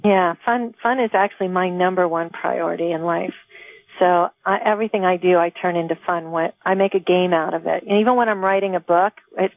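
A woman's voice: lowish voice, no echo. Upbeat woman host on a tinny line. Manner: upbeat, playful. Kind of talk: casual interview. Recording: phone-like dry sound.

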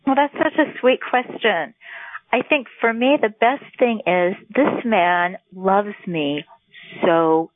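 A woman's voice: medium pitch, slow pace, no room sound. Effusive woman on a tinny line. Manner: effusive, enthusiastic. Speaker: guest author. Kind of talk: casual conversation. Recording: phone-like dry sound.

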